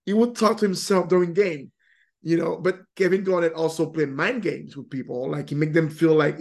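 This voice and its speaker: A man's voice: a little high, darkish tone. A man co-hosting a podcast, building an argument with a sports example while searching for his words. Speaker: podcast co-host. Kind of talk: casual podcast discussion.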